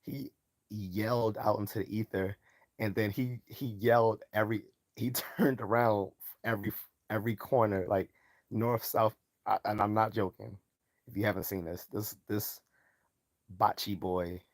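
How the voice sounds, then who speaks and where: A man's voice: fairly low pitch, fairly even intonation, measured pace, no room sound. A man hosting a live stream in a casual commentary style, loose and mocking, chuckling often and swearing freely.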